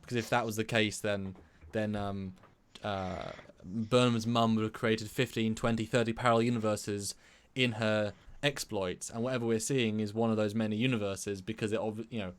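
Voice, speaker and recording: A man from England co-hosting a live stream discussion, talking in an animated, rambling way with many restarts. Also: fairly low pitch, moderate pace, few pauses, clear, resonant tone. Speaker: co-host.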